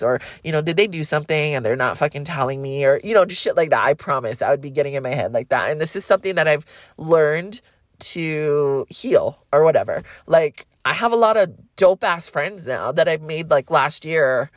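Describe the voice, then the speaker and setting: Low-voiced rambling woman. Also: lively intonation, moderate pace, dry recording, studio quality. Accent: Hawaiian. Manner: rambling, frank, swears freely, laughs often. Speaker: podcast host. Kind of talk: casual astrology chat.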